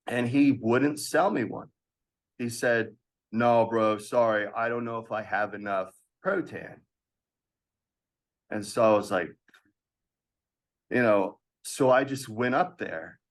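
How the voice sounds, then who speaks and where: A man in his thirties, a podcast guest telling an animated story from his past and acting out the voices of others with laughs. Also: mid-range voice. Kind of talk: storytelling in a casual interview.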